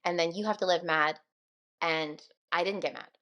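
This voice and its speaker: A woman's voice: lowish voice, normal speed, fairly bright tone. A young woman, a radio host, talking casually and earnestly on a podcast. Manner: chatty, earnest, laughs often.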